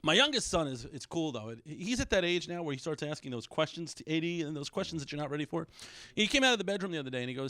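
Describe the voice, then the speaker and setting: A middle-aged man doing a stand-up comedy set, self-deprecating, with quick punchlines and short bits where he acts out his kids. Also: on the high side, very animated, sharp tone, no echo, clean studio sound. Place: small comedy stage with a live audience.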